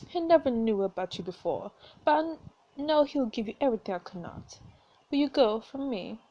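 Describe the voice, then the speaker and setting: A woman voicing a gentle dying mother who speaks softly and weakly, read aloud from a story game. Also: a little high, lively intonation, a little fast, dull audio. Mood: tender, weak. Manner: soft, faint, pleading.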